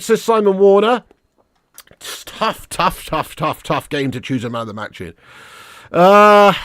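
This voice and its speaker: Sweary excitable football watch-along host. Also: male voice, high-pitched, no room sound, studio quality. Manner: excitable, swears freely, reads out fan messages; matey, calls listeners lad and mate. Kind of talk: live match watch-along commentary.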